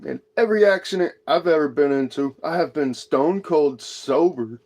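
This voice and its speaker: A high-strung man hosts his own livestream, swearing freely as he rants to the chat. His voice sits a little high for a man, and he talks in a loose, casual way. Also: normal speed, darkish tone. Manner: profane, ranting, high-strung. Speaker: livestream host.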